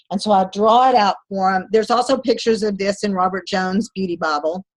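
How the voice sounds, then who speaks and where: Over a rough recording, a woman with a mid-range voice teaches a group about beauty, talking at a moderate pace with hardly any pauses. Chatty and emphatic, she hammers her points home by repeating phrases.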